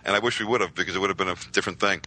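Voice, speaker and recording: A man, telling stories as a podcast guest with lively voiced quotes. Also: low-pitched, rapid-fire, poor audio. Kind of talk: casual storytelling.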